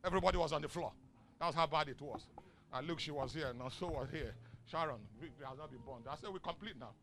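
A middle-aged man with a Nigerian accent preaching a sermon in call-and-response style. He swings from soft asides to shouts and chuckles often. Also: fairly high pitch, fast talker. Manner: chuckles often mid-sentence. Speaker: pastor.

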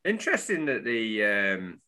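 A man's voice: fairly low pitch, very animated, unhurried, sharp tone. A man co-hosting a football fan podcast, chatting in a playful way and laughing as he talks. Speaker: podcast co-host. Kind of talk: casual football fan chat.

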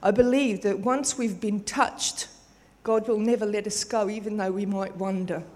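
Older woman, grandmother, church testimony, halting, rambling, reverberant hall. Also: mid-range voice, fairly even intonation, darkish tone. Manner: rambling, halting, with many fillers. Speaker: church member sharing a testimony.

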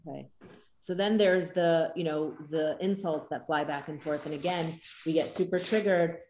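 A woman's voice: deep voice, normal speed, dark tone, a little hiss or hum. Chatty woman teaching, echoey room. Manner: chatty, acts out kids' lines. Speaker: parenting class co-teacher. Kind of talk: teaching a parenting class.

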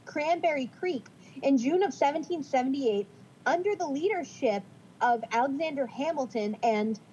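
A woman's voice: sits high, animated, moderate pace, mellow, dull audio, a little hiss or hum. A woman co-hosting a casual podcast, reading from notes in a chatty, self-deprecating way. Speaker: podcast co-host.

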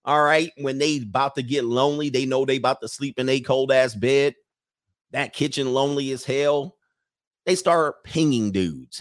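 A show host in his forties or older, with a mid-range voice, fairly even intonation and normal speed, gives casual comedic commentary on a live show. He tells crude, slangy comic stories, sometimes slipping into acted voices.

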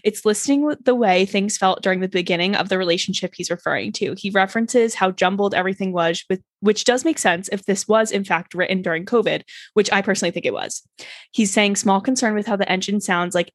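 A woman's voice: mid-range voice, brisk, no room sound, studio quality. A young woman co-hosting a casual chat podcast, gushing and chatty and swearing freely. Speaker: podcast co-host.

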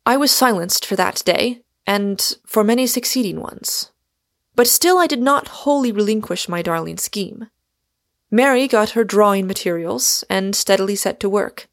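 A woman narrating an audiobook in the first person, in a measured, earnest manner. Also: mid-range voice, expressive. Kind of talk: scripted narration.

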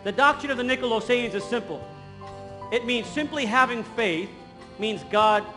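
A male pastor preaching a fervent sermon in a large church, rising at times to shouts. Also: sits high, moderate pace. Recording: long hall reverb, faint music.

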